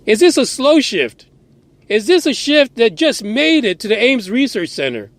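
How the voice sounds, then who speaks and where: A man with a high, swooping voice rants through news commentary as a podcast host, swearing freely and dripping with sarcasm. He keeps firing off exasperated, disbelieving questions. The sound is close and dry. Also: moderate pace, no room sound. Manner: animated, incredulous questioning.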